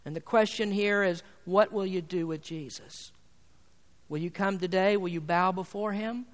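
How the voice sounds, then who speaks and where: High-voiced man preaching in a hall. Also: fairly even intonation, moderate pace. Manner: rising to loud appeals, rhetorical questions. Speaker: pastor. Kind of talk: sermon. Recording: long hall reverb.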